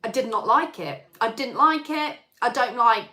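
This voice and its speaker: A woman's voice: on the high side, expressive, normal speed, bright, forceful tone. A woman, a singer, chatting casually on a live stream and rambling through a story with lots of fillers.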